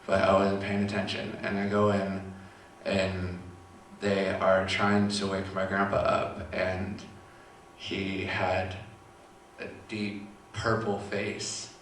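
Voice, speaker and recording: A young man with a low, flat voice tells a personal story haltingly, pausing often. He sounds far from the mic in a very echoey room with faint background noise. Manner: halting, quiet storytelling with long pauses. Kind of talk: personal testimony.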